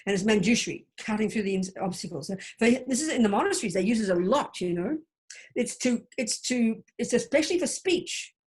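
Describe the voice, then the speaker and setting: A woman's voice: fairly high pitch, expressive, a little fast, husky. A woman teaching a Buddhist study group over a video call, explaining mantras and leading recitation. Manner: warm explanatory teaching, chants mantra syllables for listeners to repeat.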